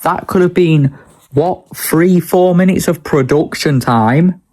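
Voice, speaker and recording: A man's voice: on the high side, takes it slowly, darkish tone. Young man ranting in a vlog. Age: young adult. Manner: ranting, blunt, sweary. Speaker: vlogger. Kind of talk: casual daily vlog.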